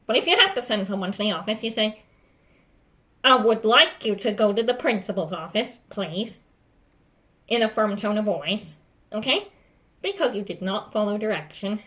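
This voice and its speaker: A woman voicing a strict but calm female school principal in a hobby role-play skit, firm and instructive, tagging her points with "okay?". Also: mid-range voice.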